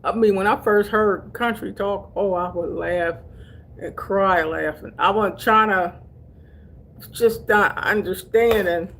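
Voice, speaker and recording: A woman's voice: medium pitch, slow pace, fairly bright tone, slight background noise. An older woman from Delaware chatting casually to camera as a vlogger. She calls her viewers honey and baby and laughs easily while telling stories. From Delaware, USA.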